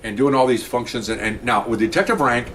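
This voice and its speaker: A man who is a former police detective, telling rambling anecdotes in a casual, animated way, full of restarts and retold conversations. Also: mid-range voice, a little fast, a little hiss or hum. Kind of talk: casual spoken storytelling.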